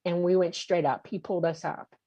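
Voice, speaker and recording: A woman's voice: on the low side, fairly even intonation, fairly quick, warm tone, dry recording, muffled recording. A woman in her sixties, a guest vividly telling her own encounter story in casual interview talk.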